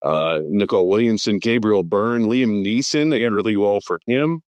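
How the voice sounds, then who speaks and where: A man's voice: lowish voice, normal speed, darkish tone, no echo. A man in his fifties chatting on a film podcast, eagerly rattling off names and credits with plenty of fillers. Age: 50s. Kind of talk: casual film podcast chat.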